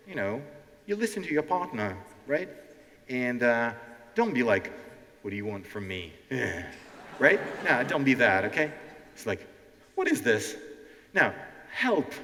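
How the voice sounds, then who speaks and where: Guy hosting a stand-up english class, higher voice, long hall echo. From Ukraine. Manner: animated, keeps asking "okay?", acts out quotes. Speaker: language teacher hosting a stage show. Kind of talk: interactive stand-up lesson. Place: stage in a hall before a live audience. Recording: reverberant hall with faint music.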